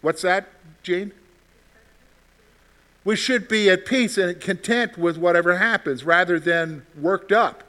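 A man's voice: sits high, slow, long pauses, sharp tone. A man leading a Bible study class as its teacher, asking the group questions and often checking in with "okay?". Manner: keeps checking in with "okay?", repeats phrases. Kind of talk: interactive class discussion.

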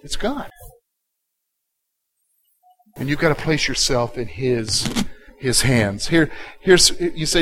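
A male pastor delivering a sermon, dropping to a quiet intimate tone and then rising loud and emphatic. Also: medium pitch, animated, measured pace, long pauses, a little hiss or hum, poor audio. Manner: dynamic preaching, swinging from hushed to loud and emphatic.

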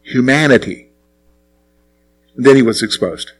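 A middle-aged man preaching a sermon as pastor, asking the congregation questions and answering them himself, with sudden drops to quiet asides. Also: unhurried, husky, faint music behind, poor audio. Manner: swings between raised, punchy lines and low, quiet asides.

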